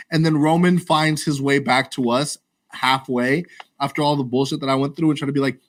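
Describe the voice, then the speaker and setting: A man co-hosting a podcast, telling a story in casual chat, animated and swearing a lot. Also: mid-range voice, fairly quick. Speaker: podcast co-host.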